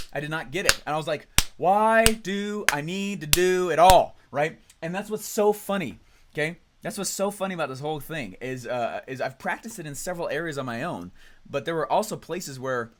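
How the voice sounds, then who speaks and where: High-energy man in his thirties. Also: expressive, a little fast, a bit bright, a little hiss or hum. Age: 30s. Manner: high energy, storytelling, frequent "right?" and "okay?". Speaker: trainer. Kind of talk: energetic motivational training talk.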